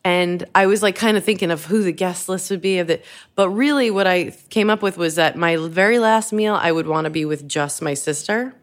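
A woman's voice: fairly low pitch, fairly quick. A woman co-hosting a comedy podcast, chatting casually with a laughing, self-mocking, rambling manner. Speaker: podcast co-host.

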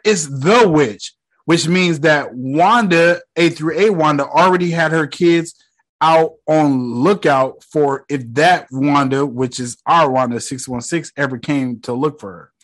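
A young man casually recapping a movie, swearing freely and retelling the scenes with excitement. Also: fairly high pitch, a little slow. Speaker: movie reviewer.

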